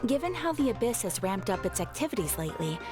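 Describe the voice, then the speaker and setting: A woman voicing a polite, businesslike female guild receptionist in a game, with a crispy, hissing sound on her voice. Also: medium pitch, sing-song, fast talker, music in the background, lightly acted.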